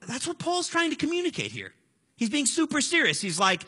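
A man's voice: high-pitched, wildly swooping pitch, moderate pace, gravelly, bright, forceful tone, breathy edge. A man in his forties preaching a sermon in a conversational, storytelling way, earnest and direct. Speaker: pastor.

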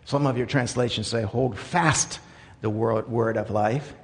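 A man preaching a sermon in an earnest way, dropping to quiet asides and then rising to emphatic points. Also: mid-range voice, measured pace, vocal fry, big-room sound. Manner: earnest, swings between quiet asides and emphatic raised lines. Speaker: pastor.

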